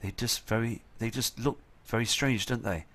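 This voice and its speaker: A man's voice: medium pitch, moderate pace, a bit bright. A man hosting his channel, giving earnest, urgent voice-over commentary on photos sent in by viewers. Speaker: channel host.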